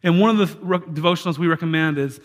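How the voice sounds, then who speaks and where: A man's voice: fairly high pitch, quick pace. A man preaching a sermon as a church pastor, talking in a conversational way with frequent restarts.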